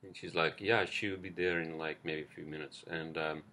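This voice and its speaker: A man with a very deep, gravelly voice hosts a loose solo podcast. He rambles casually, swears freely and fills his talk with "like" and "uh". He records at home through a cheap headset mic. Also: steady tone, moderate pace, bright, forceful tone. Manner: rambling, profane, many fillers. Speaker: podcast host. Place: indoors at home, street traffic outside. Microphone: cheap headphones.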